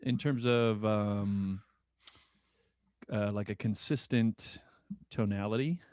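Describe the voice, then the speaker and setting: A man chatting casually over an online voice call as a musician giving feedback, talking in a halting way with many fillers. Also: lowish voice, steady tone, a little mellow, clean tone, dry recording, studio quality. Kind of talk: casual chat.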